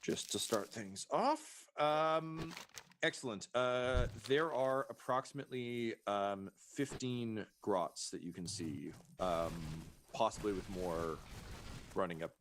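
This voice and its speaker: A man's voice: lowish voice, slow pace. A man running a tabletop role-playing game as game master, casual and profane, with many fillers. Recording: noisy stream mix.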